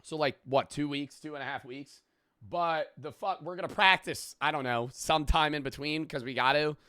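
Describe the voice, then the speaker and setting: A man talking on a live stream, rambling loosely with plenty of swearing as he reads out donations. His voice is bright and forward. The sound is dry and close, with no room around it. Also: fairly high pitch, moderate pace, clean tone, no room sound. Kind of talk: casual live-stream chat.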